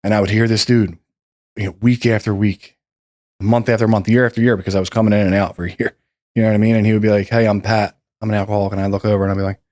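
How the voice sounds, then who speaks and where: Podcast host, male, low voice, dry close sound, rambling casual storyteller. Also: little pitch movement, quick pace, a little mellow, no echo. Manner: rambling, loose, swears freely.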